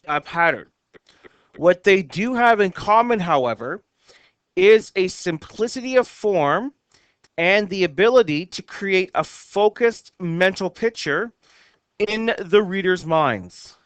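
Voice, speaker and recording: A man walks through a lesson at an unhurried, careful pace, reading each poem line out word by word. His voice sits high and comes across smooth and clear. The sound is dry, with no room around it. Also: expressive, a bit bright, no room sound. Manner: slow and careful, reads lines out word by word. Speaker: teacher. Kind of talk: explaining haiku syllable counts.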